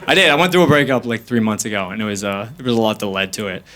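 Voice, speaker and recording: Speaking very fast in a fairly low voice, a young comedian works the stage with a handheld mic, full of energy, mocking himself and switching into character voices. Audience noise fills the live club recording.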